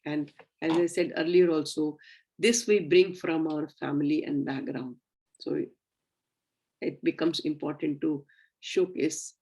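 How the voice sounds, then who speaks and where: A middle-aged woman teaches a class of medical students in a recorded lecture. She sounds earnest and instructive and often pauses on small fillers. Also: low-pitched, fairly even intonation, a little mellow, slightly rough, rough recording.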